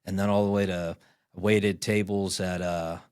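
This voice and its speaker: Podcast host in his thirties; low, dry-miked voice; loose, profane storyteller who acts out conversations. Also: level tone, measured pace, a little mellow, smooth, dry recording. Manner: rambling storyteller, acts out dialogue, swears often. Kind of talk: casual chat.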